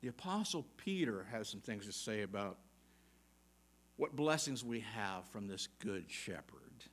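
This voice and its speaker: A man's voice: on the low side, sing-song, a bit bright, slightly rough. A man preaching a sermon, reading scripture aloud and putting pointed questions to his listeners, with occasional chuckles. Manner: emphatic, asks the congregation rapid questions, reads scripture aloud.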